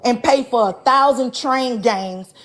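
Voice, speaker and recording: A woman's voice: on the high side, unhurried. A woman giving heated, slangy commentary in a casual live-stream chat.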